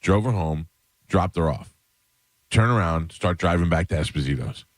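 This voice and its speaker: Deep-voiced male radio host telling stories. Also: lively intonation, normal speed, no echo. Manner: storytelling, acts out family dialogue. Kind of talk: casual morning radio chat. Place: radio studio. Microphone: studio microphone.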